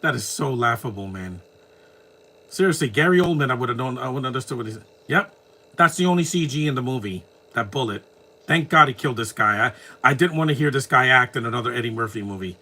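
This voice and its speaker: Expressive and fast, his mid-range voice has a sharp tone and a New York accent. The New York man is a watch-along commentator riffing casually on a movie live, joking and laughing as he reacts.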